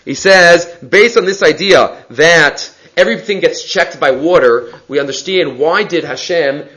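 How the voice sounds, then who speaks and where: Animated man teaching a Talmud class. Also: on the high side, dull audio. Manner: animated, reads Aramaic then explains casually. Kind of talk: daf yomi Talmud class.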